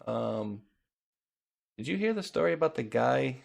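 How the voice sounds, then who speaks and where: A man's voice: medium pitch, lively intonation, a little slow, vocal fry. A man with a New England accent hosting a casual talk show, chatty and laid-back, reading news items aloud and laughing often. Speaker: show host. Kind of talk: casual podcast chat.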